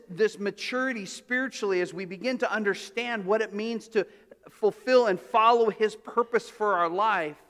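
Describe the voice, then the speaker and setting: A man's voice: sits high, a bit bright. A male pastor preaching a sermon in a church, telling stories conversationally with asides and restarts. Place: church sanctuary. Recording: reverberant church hall.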